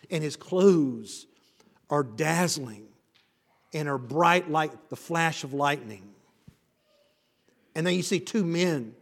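Guy preaching a sermon, kinda high voice, gets loud and emphatic, long echo in the church. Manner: builds to emphatic, rising passages then drops low. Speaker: pastor. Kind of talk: expository sermon. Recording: reverberant hall.

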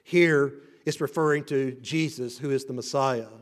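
A male pastor preaching an expository sermon, building to emphatic rising passages and then dropping low. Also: fairly even intonation, normal speed. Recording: reverberant hall.

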